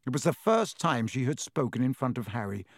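A man reading a storybook aloud with expressive narration. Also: medium pitch, a little fast, no echo, studio quality. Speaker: audiobook narrator. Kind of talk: scripted narration.

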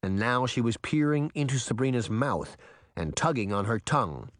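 A man narrating a children's fantasy audiobook in a measured, expressive way. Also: medium pitch, no echo, clean studio sound. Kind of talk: scripted narration.

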